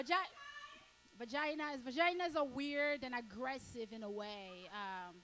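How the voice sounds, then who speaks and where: High-voiced blunt stand-up comedian woman. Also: measured pace. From Cameroon. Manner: blunt, crude, repeats herself, breaks into shouts. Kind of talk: stand-up crowd work.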